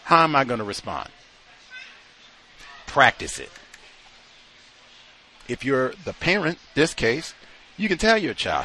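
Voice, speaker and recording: Bright-voiced man giving emphatic commentary. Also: mid-range voice, big pitch swings, normal speed, long pauses, a little hiss or hum. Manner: emphatic, acts out quoted voices. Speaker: radio host. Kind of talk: call-in radio commentary.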